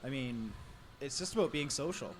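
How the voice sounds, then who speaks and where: A man's voice: medium pitch, normal speed. Laid back guy explaining blog stuff, noticeable noise under his voice. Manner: relaxed, explanatory. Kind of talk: casual podcast discussion.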